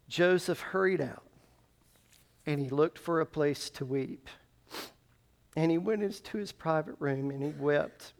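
A man preaching a sermon with a gravelly, slightly high voice. He retells a scripture story with deep feeling and breaks into a short sung refrain. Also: a little slow, pauses often. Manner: emotional storytelling, sings a refrain. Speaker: pastor.

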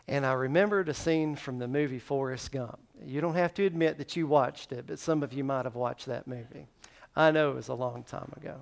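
A man's voice: mid-range voice, gravelly. A male pastor preaching a sermon, retelling a Bible story with emotion and briefly singing a refrain.

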